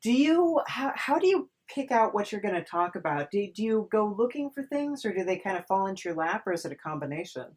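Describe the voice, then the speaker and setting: A woman's voice: medium pitch, sing-song, a little fast, few pauses, husky. A woman hosting a podcast, asking questions in a curious, casual way with small restarts. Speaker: podcast host. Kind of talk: casual interview chat.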